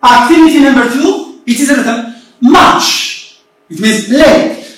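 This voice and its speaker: A woman teacher giving a remote English lesson, explaining slowly and deliberately and repeating herself often. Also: high-pitched. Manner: slow, deliberate explaining with frequent repetition. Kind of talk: recorded remote classroom lesson. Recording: very echoey room, voice far from the mic.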